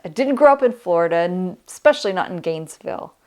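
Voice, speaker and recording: A woman's voice: on the low side, animated, fast talker, darkish tone. Reflective middle-aged woman sharing records. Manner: reflective and heartfelt, with frequent "uh" and "um". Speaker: vinyl record channel host. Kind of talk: casual talk to camera.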